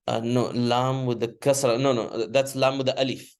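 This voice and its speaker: A man's voice: mid-range voice, little pitch movement, moderate pace, smooth. Patient male grammar teacher in class. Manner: patient, repeats terms and has students recite after him. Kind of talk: classroom lecture with recitation drills.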